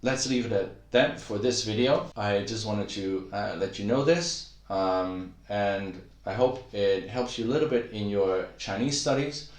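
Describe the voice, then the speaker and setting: A man's voice: lowish voice, a little mellow, echoey room. A man teaching a casual language lesson, explaining patiently with many fillers and acting out example sentences.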